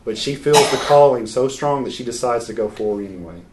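A man's voice: mid-range voice, fairly quick, a little mellow. A man preaching a sermon, earnest and unscripted, moving from scripture into a family story with frequent restarts.

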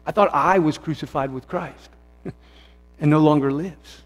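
A man's voice: a little high, measured pace, lo-fi sound. Fervent man preaching in a reverberant hall. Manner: conversational, self-correcting, builds to fervent emphasis. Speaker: pastor. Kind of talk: sermon. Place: church sanctuary.

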